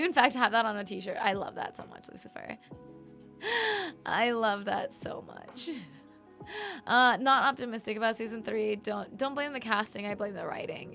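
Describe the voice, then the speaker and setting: A woman's voice: sits high, creaky, pushed and bright. A young American woman streaming live, chatting casually with her chat, laughing often and singing along. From United States. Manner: bubbly, laughs often, sings along to music. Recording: faint music behind.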